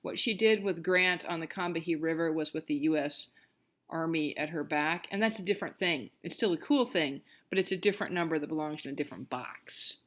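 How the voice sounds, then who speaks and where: A woman giving a recorded college history lecture, talking conversationally with lots of fillers, restarts and animated emphasis. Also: deep voice, a little fast.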